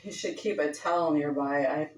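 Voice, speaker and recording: A woman's voice: deep voice, normal speed, a little hiss or hum. A woman leading a home workout, counting reps aloud in a chatty, offhand way and sounding winded. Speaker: fitness instructor. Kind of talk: casual workout instruction. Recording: echoey room from far off.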